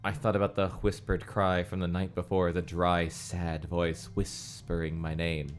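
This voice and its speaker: A man's voice: sits low, monotone, measured pace. A man hosting a podcast, reading a children's horror book aloud with hammy, melodramatic voices for the quoted lines.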